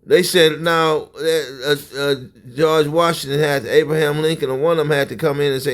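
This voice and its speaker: A man preaching fiery religious commentary in a confrontational way, often breaking into shouts. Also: on the high side, steady tone, moderate pace, few pauses.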